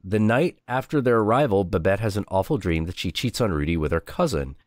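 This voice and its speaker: Lively, low-voiced man telling stories. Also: fairly quick, dry recording, studio quality. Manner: animated, profane, with frequent restarts. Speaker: host. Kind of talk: casual storytelling chat on a stream.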